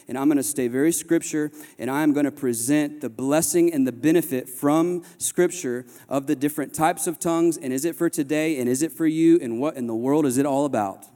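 Male pastor preaching, animated storyteller, slightly high pitch, reverberant hall sound. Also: fairly quick, few pauses. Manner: storytelling, rising loud and high when retelling tense moments. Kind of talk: sermon.

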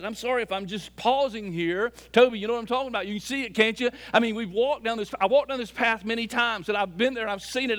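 A man preaching a sermon as a pastor, swinging between loud emphatic lines and soft, low asides. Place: church sanctuary.

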